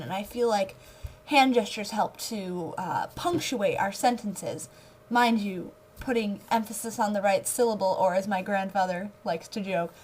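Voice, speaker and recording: A young woman from the United States talks casually to her camera in a chatty, giggly way, gesturing with her hands as she goes. Her voice sits at an ordinary middle pitch. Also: a little mellow. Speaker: vlogger.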